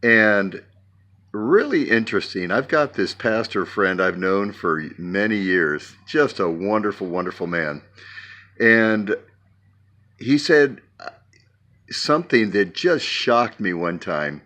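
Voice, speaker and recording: A man preaching in a slow, musing way while talking from his porch. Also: on the low side, animated, bright, forceful tone. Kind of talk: devotional vlog talk.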